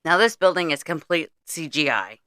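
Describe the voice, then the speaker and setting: A woman's voice: low voice, expressive, moderate pace, bright, forceful tone, no echo, studio quality. A middle-aged woman co-hosting a podcast, recapping a movie's plot in blunt casual chat and swearing freely. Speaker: podcast co-host.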